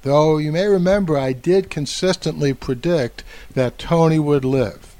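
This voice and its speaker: Slow, measured male podcast commentator. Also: on the high side, mellow, no room sound. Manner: measured, reflective, slows to stress words. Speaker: podcast host and media commentator.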